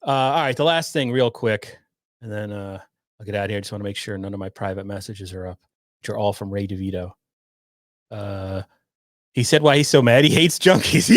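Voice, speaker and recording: A man's voice: on the low side, expressive, moderate pace, no echo, studio quality. A man hosting a podcast livestream, reacting to a news clip and rambling sarcastically. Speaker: podcast host. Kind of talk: casual livestream commentary.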